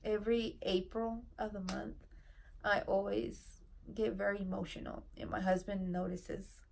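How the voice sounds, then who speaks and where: A woman in her thirties tells an emotional story in a vlog, near tears, soft-spoken and halting with many fillers. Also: medium pitch, little pitch movement, vocal fry, slight background noise. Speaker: family vlogger.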